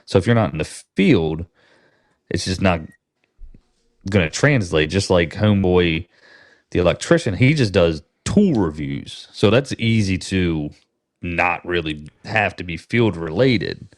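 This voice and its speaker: A man's voice: low-pitched, animated, a little slow, dry recording, studio quality. An American man co-hosting a casual podcast, a tradesman who runs a business and talks bluntly with slang and swearing. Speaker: podcast co-host, HVAC business owner. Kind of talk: casual chat.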